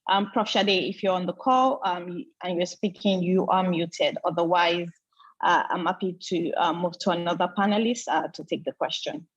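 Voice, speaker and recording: Halting woman moderator, low husky voice, dry sound, video-call mic. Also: no echo, dull audio. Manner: halting, full of hesitations. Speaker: webinar moderator. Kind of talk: online panel moderation.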